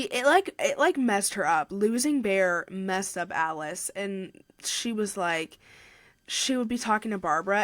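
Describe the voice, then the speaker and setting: A woman's voice: mid-range voice, fairly bright tone, dry recording, clean studio sound. Chatty young woman recapping a book. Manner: chatty, heavy use of "like", with restarts. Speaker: podcast host. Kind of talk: casual book review recap.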